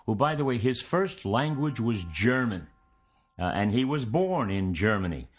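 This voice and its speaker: A man acting as host and history teacher, giving an informal, meandering lecture to his students in a relaxed, conversational way. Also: medium pitch, measured pace, breathy edge.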